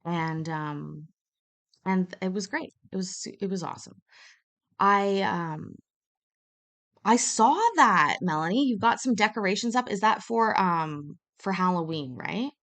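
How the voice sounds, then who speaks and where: A woman's voice: mid-range voice, measured pace, fairly bright tone. Blunt, profane woman chatting on stream. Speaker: live streamer. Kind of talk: casual chat stream. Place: hotel room.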